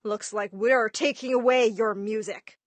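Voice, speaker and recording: A woman voicing a strict, grumpy middle-aged father in an animated story, barking orders. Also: fairly high pitch, a little slow, no room sound, natural voice. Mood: scolding.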